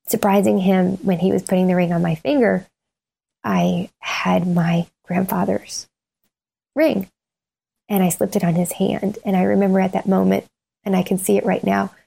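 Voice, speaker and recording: A woman's voice: lowish voice, vocal fry, warm tone, breathy edge. A woman co-hosting a podcast in casual conversation, talking in a heartfelt, rambling way with fillers and restarts. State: tearful, crying at times. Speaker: podcast co-host.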